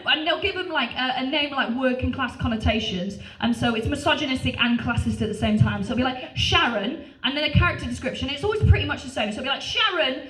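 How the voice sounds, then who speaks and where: A woman's voice: sits high, fairly bright tone. A woman performing a stand-up comedy set on a club stage, brash and punchy, swearing freely between bursts of crowd laughter. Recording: roomy live venue, distant, crowd laughter.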